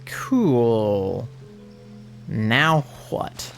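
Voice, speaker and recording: A woman streaming a game live, reacting out loud with excited exclamations and casual swearing. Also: a bass voice, very slow, vocal fry, faint music behind. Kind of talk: live gameplay commentary.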